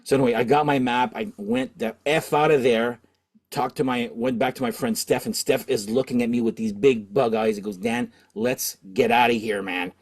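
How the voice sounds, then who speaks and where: A man's voice: medium pitch, steady tone, brisk, darkish tone. A middle-aged man from Canada, the host of a record-collecting channel, telling a rambling story with lots of fillers and restarts. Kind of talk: casual storytelling.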